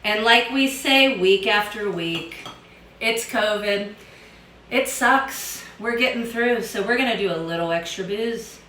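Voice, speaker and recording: A woman's voice: mid-range voice, unhurried, pushed and bright, roomy sound, slight background noise. A woman hosting a casual home cocktail how-to, chatty and upbeat as she talks straight to viewers from her home bar. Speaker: home bartender host.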